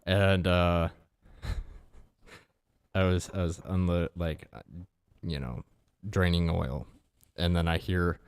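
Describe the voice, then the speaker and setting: Man, very low voice, dry close sound, rambling casual storytelling. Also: fairly even intonation, slow, long pauses, darkish tone, smooth, no echo. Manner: rambling anecdotes with restarts. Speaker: podcast co-host.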